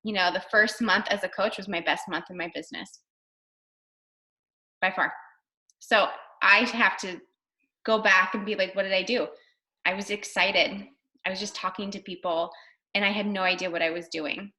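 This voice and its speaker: A woman's voice: medium pitch, steady tone, normal speed, pauses often, sharp tone. A woman leading a casual team video call as a fitness coach, chatty and upbeat, full of fillers and acted-out quotes.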